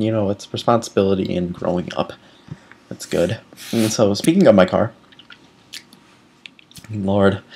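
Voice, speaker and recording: A young man casually telling a personal story to camera, rambling with many fillers and getting animated as he retells what happened. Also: medium pitch. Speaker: vlogger.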